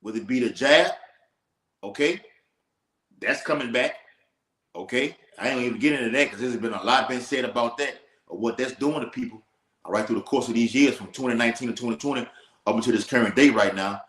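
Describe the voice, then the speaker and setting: A man's voice: medium pitch, brisk, fairly bright tone. A man teaching scripture in an emphatic, preacherly way, checking in with "all right?". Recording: echoey room.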